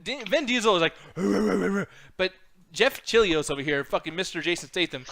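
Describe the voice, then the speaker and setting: A man co-hosting a podcast, excitable and profane in casual chat. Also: high voice, normal speed, gravelly, noisy background. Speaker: podcast co-host.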